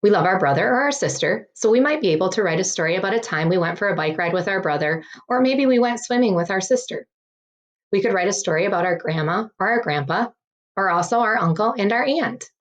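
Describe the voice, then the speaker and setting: Woman teacher talking gently to boys and girls, mid pitch, steady voice. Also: fast. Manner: encouraging, addresses children directly. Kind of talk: early-grade writing lesson.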